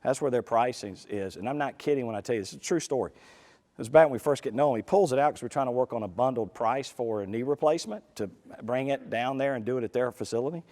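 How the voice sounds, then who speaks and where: A man giving a lively, folksy talk to a live conference audience, with many quick asides. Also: mid-range voice. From United States. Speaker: conference speaker. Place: conference hall. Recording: reverberant hall.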